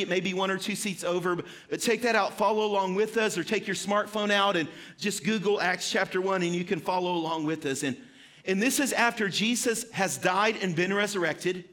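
A man's voice: sits high, fairly bright tone. A man preaching a sermon to his church in an earnest, conversational way, repeating his key phrases. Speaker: pastor. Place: church sanctuary.

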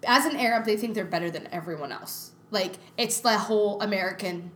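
A woman's voice: medium pitch, fairly quick, fairly bright tone, a little hiss or hum. A woman with a Canadian accent co-hosting a podcast in casual, emphatic chat, rambling with fillers. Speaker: podcast co-host.

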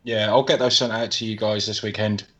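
A man's voice: fairly low pitch, level tone, brisk, a bit bright, muffled recording. A man co-hosting a podcast, laid-back and casual with short agreeing replies. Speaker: podcast co-host.

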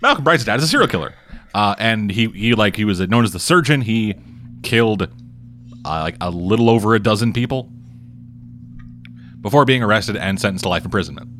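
A man's voice: on the low side, animated, fairly quick, pauses often, a bit bright, a little hiss or hum. A man casually recapping a TV show for a podcast, swearing often and rambling through asides. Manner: profane, rambling storyteller. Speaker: podcast co-host.

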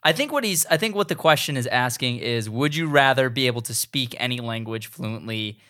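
A man's voice: medium pitch, expressive, brisk, pushed and bright. A man hosting a casual podcast chat, laughing often and restarting his sentences. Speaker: podcast host.

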